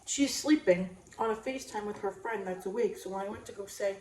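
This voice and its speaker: A middle-aged woman co-hosting a casual livestream, telling a lively story and laughing often. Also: mid-range voice, brisk, distant mic, a little hiss or hum. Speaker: co-host. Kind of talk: casual chat to a livestream audience. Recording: echoey room, a little off-mic.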